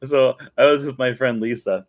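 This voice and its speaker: A man hosting a casual vlog, telling an excited story and breaking into laughter again and again. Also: mid-range voice, moderate pace, no room sound, dull audio. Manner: giggly, keeps breaking into laughter. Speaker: show host.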